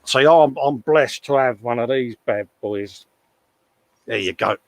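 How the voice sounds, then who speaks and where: A man's voice: mid-range voice, a little slow, no room sound. A British man co-hosting a casual live stream from his hobby workshop bench, bantering and reading out viewer comments. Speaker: co-host of a live modelling stream.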